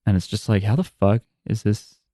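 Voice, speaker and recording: A man's voice: on the low side, moderate pace, warm tone, no echo, clean studio sound. A man co-hosting a podcast in casual chat, joking and rambling with some swearing. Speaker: podcast co-host.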